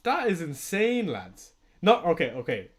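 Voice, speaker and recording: A young Irish man chats on a live stream in a fairly high voice. He talks casually and excitably, swears freely and laughs often. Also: measured pace. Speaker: fantasy football streamer. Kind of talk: casual livestream commentary.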